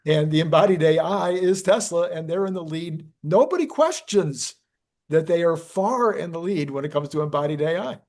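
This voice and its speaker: A man's voice: on the high side, lively intonation, moderate pace, darkish tone. A man hosting a casual talk, agreeing often and adding his own points about the topic. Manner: agreeable, frequent "right" acknowledgments, laughs easily. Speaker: show host. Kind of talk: casual conversation with a guest.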